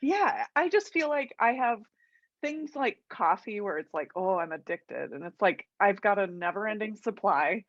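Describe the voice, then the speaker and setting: A woman's voice: medium pitch, expressive, normal speed, dry recording, muffled recording. A woman hosting a casual podcast chat, reacting with laughs and casual swearing and asking her guests questions. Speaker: podcast host.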